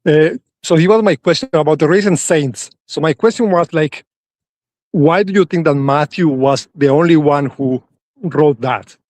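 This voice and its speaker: Halting man calling into a live show. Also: fairly high pitch, a little mellow, no echo. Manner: halting, repeats words while finding his point. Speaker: caller. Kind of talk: casual conversation.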